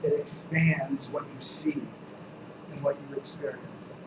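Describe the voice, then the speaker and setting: A man with a somewhat high voice leads a training session, telling stories and acting out the characters with emphatic, sometimes shouted lines. The mic sits well back from him, so the room echoes around his words. A steady air conditioning hum runs underneath. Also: a little slow, distant mic. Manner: storytelling, acts out quotes with shifting voices; emphatic, rising to near-shouts. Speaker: real estate sales trainer. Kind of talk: live training talk.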